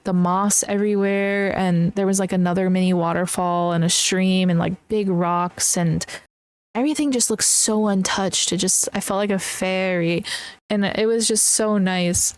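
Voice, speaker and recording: A young woman rambles through a casual podcast chat, stringing thoughts together with fillers and quick laughs. Her voice is smooth and clear at an ordinary middle pitch, recorded close and dry with no room sound. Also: no echo. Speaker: podcast host. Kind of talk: casual solo travel chat.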